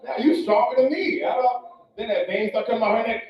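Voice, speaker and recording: A male comedian doing a stand-up set, loud and brash, swinging between shouting and muttering, on a club stage. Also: very high-pitched, brisk. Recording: echoey distant club recording, dull sound.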